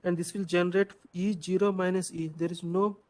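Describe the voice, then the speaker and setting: A man's voice: high-pitched, level tone, fairly quick, a little mellow. A man teaching a classroom lecture, quizzing students, repeating their answers and asking "right?" again and again.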